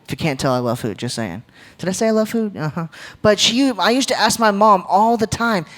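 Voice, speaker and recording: A man's voice: high-pitched, animated, a little fast, a bit bright. Laughing, jokey young man preaching. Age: 20s. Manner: playful, jokey, laughs often. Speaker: church speaker. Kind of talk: sermon-style leadership talk. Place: church hall, live audience.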